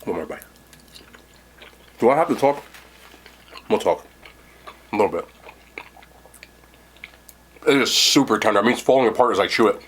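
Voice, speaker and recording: Chewing as he talks, a young New Jersey man eagerly reviews food for his casual eating vlog. His voice is on the low side and a bit bright, expressive and moderately paced, with long pauses.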